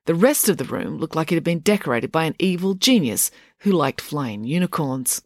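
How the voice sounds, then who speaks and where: Brief: animated storybook narrator, dry close studio read. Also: medium pitch, normal speed, no room sound. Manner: lively, expressive storytelling. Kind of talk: scripted audiobook narration.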